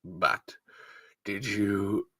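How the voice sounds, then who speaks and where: A man putting on a slow, deep, grand announcer voice as a celebrity impression. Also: sharp tone, no echo, full character voice. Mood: mock-grand. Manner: slow, low, grand delivery.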